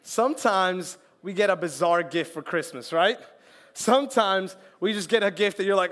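Lively, high-voiced young male preacher. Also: normal speed. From Colombian family, raised in Florida. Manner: lively, joking, acts out quotes. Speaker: youth pastor. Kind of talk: sermon.

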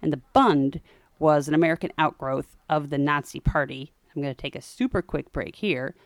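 A woman co-hosting a podcast, telling a history story in a chatty way with wry, animated asides. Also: low-pitched, normal speed, no room sound. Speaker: podcast co-host.

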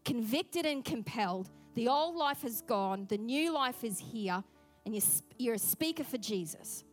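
A woman pastor preaching a sermon, telling a personal story in an animated way and acting out her own thoughts. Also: fairly high pitch, unhurried, faint music behind.

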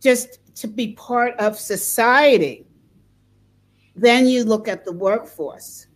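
Slow, reflective older American woman. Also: a little high. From United States. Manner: reflective, pauses and repeats words, laughs softly. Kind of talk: conversational interview.

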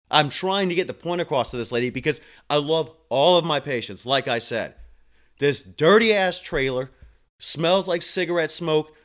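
A man's voice: fairly high pitch, a bit bright. A man telling a story about his patients in a blunt, emphatic, casual monologue. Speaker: home health clinician.

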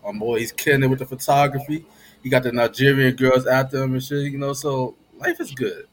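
A man's voice: medium pitch, steady tone, brisk. Laid-back man hosting a podcast. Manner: laid-back, joking slang. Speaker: podcast host. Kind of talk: casual chat.

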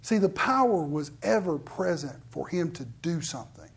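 Delivered to a live congregation, this relaxed, frank sermon features a mid-range voice that is animated, creaky, and slightly rough, moving at a moderate pace. The preacher talks to the crowd head-on and performs scenes from the Bible story, quoting each figure in character.

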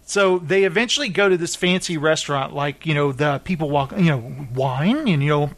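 A man's voice: a little high, normal speed. A man hosting a casual chat show, animatedly retelling reality-show scenes with many fillers. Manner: animated storyteller with lots of fillers. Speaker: podcast host.

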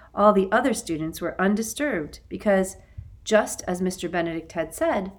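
A woman reading a children's novel aloud as an audiobook narrator, in an expressive storytelling manner. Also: fairly low pitch. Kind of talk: scripted narration.

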